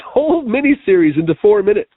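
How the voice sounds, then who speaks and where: An eager, talkative man co-hosting a review show in a relaxed back-and-forth. His voice sits a little higher than most men's. The sound is thin and narrow like a phone call, with no room echo at all. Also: quick pace. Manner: enthusiastic and chatty. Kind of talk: casual chat. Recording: dry tinny phone-like line.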